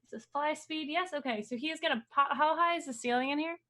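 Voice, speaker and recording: A woman's voice: high voice, quick pace, bright, forceful tone. A woman playing a tabletop game, upbeat and polite. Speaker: player.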